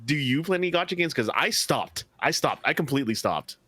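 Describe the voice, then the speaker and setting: A man's voice: fairly high pitch, animated, fairly quick, pushed and bright. A man co-hosting a casual podcast chat, filling his speech with "like" and "uh" and laughing often. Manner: filler-heavy, laughs often. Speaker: podcast co-host.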